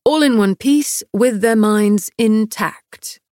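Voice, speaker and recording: A woman's voice: a little high, slow pace, dark tone, no echo, studio quality. A woman voicing a commanding young man who leads a travelling group, speaking in firm, clipped orders. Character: commanding young male leader, steady and protective.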